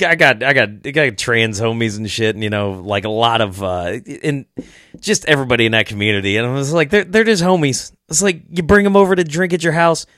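A man's voice: medium pitch, sharp tone, no room sound, clean studio sound. A young man hosting a casual podcast chat, telling stories with lots of swearing and laughter. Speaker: podcast host.

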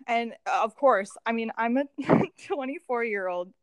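A woman guest telling a personal story in a casual, expressive way, often laughing and acting out what others said. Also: a little high, measured pace, clear, resonant tone, no room sound, clean studio sound. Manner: expressive, laughs often, acts out quoted dialogue. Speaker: podcast guest.

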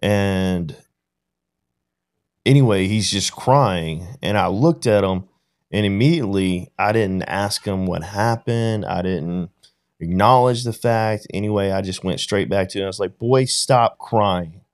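A man's voice: sits low, measured pace. A man in casual podcast conversation, telling a reflective story and often checking in with "right?". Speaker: podcast guest or co-host.

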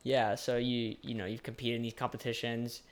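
A man's voice: mid-range voice, little pitch movement, fairly quick, clear, resonant tone. A young adult man interviewing a fellow student, rambling and searching for words with lots of "like". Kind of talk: casual interview chat.

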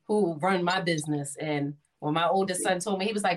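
A woman's voice: on the low side, brisk, a little hiss or hum. A woman in her forties, co-hosting a casual chat, telling stories and acting out what people said to her. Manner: animated storyteller, acts out quotes. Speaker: podcast co-host.

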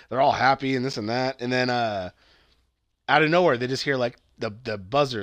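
A man's voice: medium pitch, fast talker, fairly bright tone, no room sound, studio quality. A young man casually retelling a movie plot, acting out the characters' lines and swearing freely. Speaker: podcast co-host. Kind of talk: casual movie review chat.

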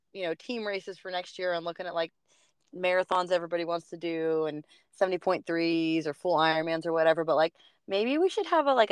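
A woman hosting a casual podcast chat, joking with quick asides. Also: on the low side, smooth, no echo.

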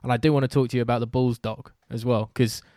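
A British man talking casually as a podcast host, loose and self-deprecating, often restarting his sentences. His voice sits at an ordinary middle pitch. The sound is close and dry, with no room around it. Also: fairly even intonation, fast talker, mellow, dry recording. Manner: chatty, self-deprecating, many fillers and restarts. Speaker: host and sports commentator.

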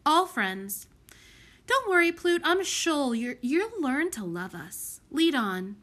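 A woman voicing a bossy, clever young orphan girl who gives firm orders in a lively, high voice. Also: takes it slowly, full character voice.

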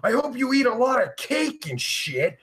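A man's voice: very high voice, sing-song, moderate pace, fairly bright tone. A young man hosting a live stream, reading out chat and answering in a rambling, profane, sarcastic way with groans and sighs.

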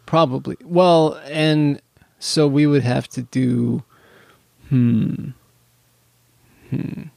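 Gravelly, rambling podcast co-host man. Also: medium pitch, very slow, darkish tone, no room sound, clean studio sound. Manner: rambling, casual swearing, joking asides. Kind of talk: casual chat.

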